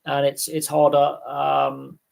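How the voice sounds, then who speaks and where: A man's voice: a little high, monotone, slow pace, vocal fry, a little mellow. A man hosting a casual livestream, rambling with fillers, his voice starting to go after hours of talking. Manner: rambling, many fillers and restarts. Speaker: livestream host.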